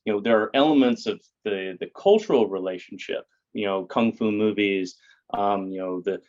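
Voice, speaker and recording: Lower-voiced guy walking through an explanation, lots of "you know" and "right?", muffled lo-fi sound. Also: normal speed, a little mellow. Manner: lecturing, many fillers and "right?". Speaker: interview guest. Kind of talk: explanatory conversation.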